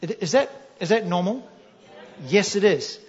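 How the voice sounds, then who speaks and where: In an unhurried, high voice, a pastor from New Zealand delivers a sermon through jokey storytelling, his Kiwi accent clear. He stays animated and keeps asking the congregation questions. Recorded in an echoey hall with dull, lo-fi quality.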